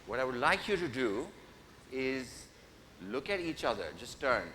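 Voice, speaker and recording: Speaking a little slowly into a stage mic, this male keynote speaker is very animated, with a bright, forceful, mid-range voice. He interacts playfully with the crowd in a big conference hall, teasing and directing them. The hall is reverberant, with faint noise.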